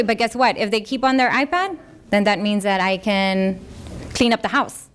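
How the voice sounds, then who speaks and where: Speaking at a normal speed in a mid-range voice, a parenting workshop presenter gives an informal, earnest talk to parents. She slips into the voices of parents and children whenever she quotes them.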